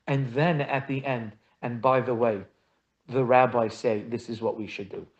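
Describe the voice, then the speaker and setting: A man's voice: mid-range voice, moderate pace. Rabbi guy teaching a marriage class, acts out the dialogue, kinda dull lo-fi sound. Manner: expressive, acts out quoted conversations, repetitive emphatic phrasing. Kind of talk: animated Torah lesson with acted-out dialogue. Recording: dull lo-fi audio.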